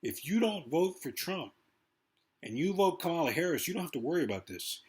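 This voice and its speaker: Fast-talking and foul-mouthed, a man vlogs a meandering political monologue. His husky voice sits high and swings widely in pitch.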